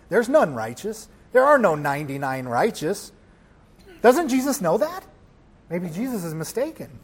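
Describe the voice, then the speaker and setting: Preaching man with a higher voice. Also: breathy edge. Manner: preaching with swells from hushed to loud; rhetorical questions to the congregation. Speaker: pastor. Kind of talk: sermon.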